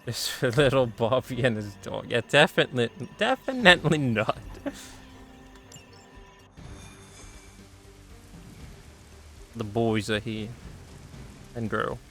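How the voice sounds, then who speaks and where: A man's voice: mid-range voice, steady tone, moderate pace, fairly bright tone, faint music behind. A man streaming a video game, chatting casually and laughing as he plays. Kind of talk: casual gameplay commentary.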